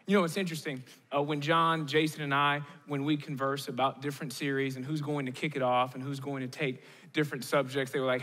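A man in his thirties preaching a sermon to a church audience, animated and conversational, acting out the voices he quotes. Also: on the high side, fast. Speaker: pastor. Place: large church auditorium. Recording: long reverb of a large hall.

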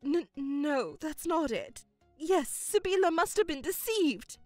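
A woman's voice: high voice, lively intonation, unhurried, a little mellow, no echo, faint music behind. A woman voicing a self-pitying, controlling middle-aged mother who whines and stammers in outbursts, in a dramatized story. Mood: indignant.

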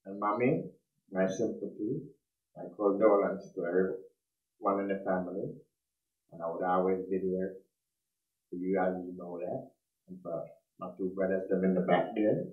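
Low-voiced man recounting memories at a funeral. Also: steady tone, moderate pace, long pauses. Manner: storytelling, quoting dialogue, emotional. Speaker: mourner giving a eulogy. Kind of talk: funeral eulogy. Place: funeral service hall. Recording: echoey hall, dull sound.

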